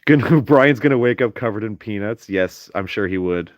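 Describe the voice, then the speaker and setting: A man's voice: fairly low pitch, animated, moderate pace, dry recording, muffled recording. Playful, teasing young man streamer. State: sleepy. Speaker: live streamer reading chat. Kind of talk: casual late-night stream chat.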